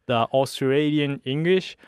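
Young Japanese man, halting English. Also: medium pitch, a little mellow, clear, resonant tone, dry recording, studio quality. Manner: hesitant, halting English with many uhs and light laughs. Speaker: fighter pilot guest. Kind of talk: radio interview.

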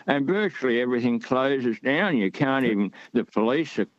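A man's voice: mid-range voice, lively intonation, normal speed, no echo, muffled recording. A man from Australia calling in to a radio show, talking in a rambling, hesitant way with many fillers. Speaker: caller. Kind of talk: radio call-in chat.

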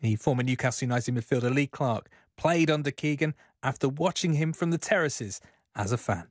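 A man presenting a sports news programme, reading a scripted tribute in a measured, sombre way. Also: medium pitch, dry recording, clean studio sound.

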